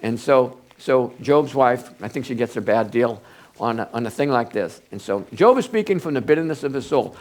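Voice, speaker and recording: An older man preaching an informal Bible study, halting and rambling with many restarts. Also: mid-range voice, animated, a little mellow.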